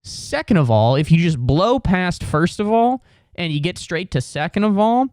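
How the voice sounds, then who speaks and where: A man's voice: sits high, very animated, moderate pace, a little mellow, no room sound, studio quality. Sarcastic young man ranting. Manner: exasperated, sarcastic, swears a lot; jumps into put-on voices for quoted people. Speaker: podcast host. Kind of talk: comedic rant.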